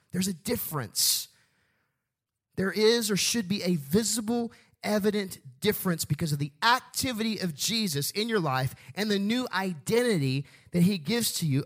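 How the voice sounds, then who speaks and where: A man with a rather high voice preaching a sermon in a church. He talks emphatically, slows right down on key phrases and leads the congregation in call-and-response. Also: fairly bright tone. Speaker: pastor. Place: church sanctuary.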